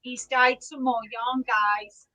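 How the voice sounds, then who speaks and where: A high-voiced woman hosts a relaxed live chat, unhurried in pace. She laughs often and greets viewers one by one. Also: low-quality recording. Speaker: podcast host reading live chat. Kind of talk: casual live-stream chat.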